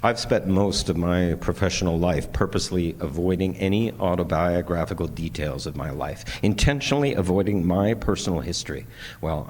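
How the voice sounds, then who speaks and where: A man giving an earnest, candid conference speech with self-deprecating humor. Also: sits low. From Canada. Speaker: conference speaker. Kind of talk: personal keynote speech. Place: large conference hall. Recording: long hall reverb, faint noise.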